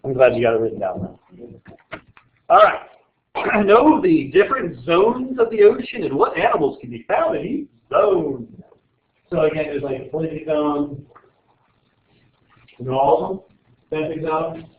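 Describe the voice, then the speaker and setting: Joking teacher in an echoey classroom. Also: male voice, fairly high pitch, big pitch swings, moderate pace, pauses often. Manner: joking, rambling, quizzes students aloud. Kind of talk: classroom exam review. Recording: echoey classroom on tinny lo-fi audio.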